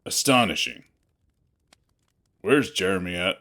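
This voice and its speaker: A man's voice: low voice, unhurried, pushed and bright. A man voicing a blunt, stone-faced male gila monster who speaks curtly and swears.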